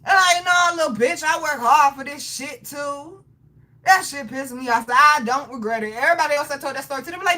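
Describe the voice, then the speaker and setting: A young woman tells a story in casual talk to her followers. Her voice sits high and rings bright, and she swears and hits every word hard. She laughs often as she talks. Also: normal speed. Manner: animated, profane, emphatic storytelling with frequent laughter. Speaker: livestream host.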